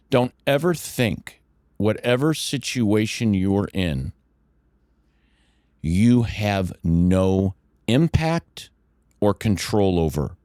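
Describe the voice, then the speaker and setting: A man's voice: lowish voice, darkish tone, no room sound, clean studio sound. An older man co-hosting a podcast, giving blunt, emphatic life advice and swearing freely. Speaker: podcast co-host and mentor. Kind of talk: casual motivational talk.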